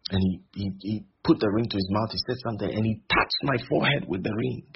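A male preacher, repeating phrases for emphasis and slowing on key lines. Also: fairly low pitch, a little hiss or hum. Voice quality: gravelly and very husky. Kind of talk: sermon. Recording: dull lo-fi recording.

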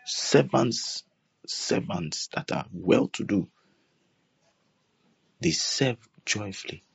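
A man's voice: on the low side, lively intonation, slow pace, creaky, husky, dry recording. A man preaching a sermon, emphatic and repetitive, acting out prayers in his own voice. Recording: dull lo-fi sound.

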